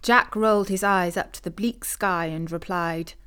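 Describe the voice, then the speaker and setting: A woman's voice: lowish voice, steady tone, normal speed, a bit bright, clean tone. Woman narrating a storybook tale.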